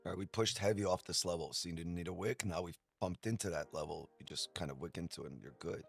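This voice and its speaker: A man whose voice is almost gone talks through chart levels in short, strained bursts. His tone is very low and raspy, with heavy fry on the ends of words. It is relaxed, casual stream talk with faint music behind it. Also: fast. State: hoarse, nearly lost voice. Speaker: day trader, stream regular. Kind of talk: casual chat while trading.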